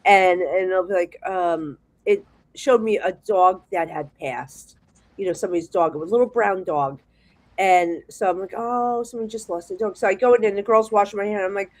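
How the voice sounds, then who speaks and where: A middle-aged woman with a New Jersey accent tells stories in a chatty, rambling way, full of restarts. She is a psychic guest on a casual show, and her delivery stays animated throughout. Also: mid-range voice, moderate pace, no room sound, low-quality recording. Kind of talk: casual storytelling chat.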